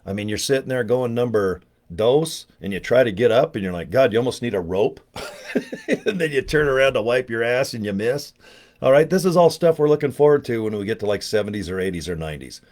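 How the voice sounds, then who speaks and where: A man's voice: mid-range voice, lively intonation, brisk, a little mellow. An older man talking in a casual, rambling vlog, joking and chatty with a self-deprecating streak. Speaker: network marketing promoter.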